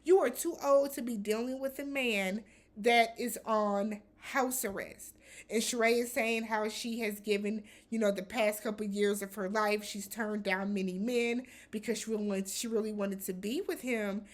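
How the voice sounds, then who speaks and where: A woman hosting a casual reality TV recap, talking in a blunt, animated way with some swearing. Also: medium pitch, normal speed.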